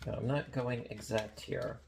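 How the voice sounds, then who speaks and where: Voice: mid-range voice, fairly even intonation, unhurried, creaky, darkish tone, slight background noise. A home baker chatting casually in a kitchen while demonstrating a recipe, playful and full of jokey asides. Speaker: home baking vlogger.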